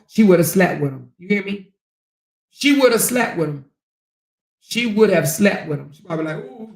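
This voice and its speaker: Brash, profane woman streamer. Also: on the low side. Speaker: livestream host. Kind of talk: gossip commentary livestream. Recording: roomy echo.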